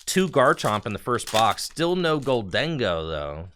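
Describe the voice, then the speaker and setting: A man's voice: mid-range voice, sing-song, unhurried, pushed and bright, slight background noise. A man chatting casually on a live stream while opening card packs, talking in a chatty, slangy way with bursts of enthusiasm.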